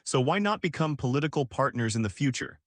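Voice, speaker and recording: A man's voice: mid-range voice, fast talker, dry recording, clean studio sound, natural voice. A man reading a confident young noble heir. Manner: calm and confident.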